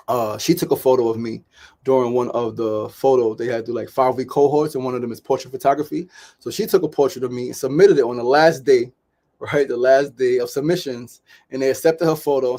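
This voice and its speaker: A man hosting a show, telling a story in a casual, animated way and acting out other people's voices. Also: mid-range voice. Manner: animated, repeats "right?" and "like", acts out quoted voices. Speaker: podcast host.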